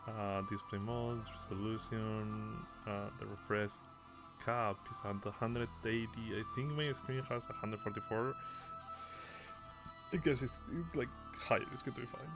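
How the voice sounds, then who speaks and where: A man's voice: fairly low pitch, fairly even intonation, unhurried, music in the background. A man giving casual commentary while playing a game, reading the on-screen text aloud and chuckling often. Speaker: gamer playing on video.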